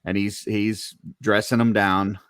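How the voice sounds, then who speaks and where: A man co-hosting a casual fan podcast, relaxed and blunt, filling his talk with "you know" and "like". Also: fairly low pitch, unhurried, smooth, no echo, studio quality. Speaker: podcast co-host.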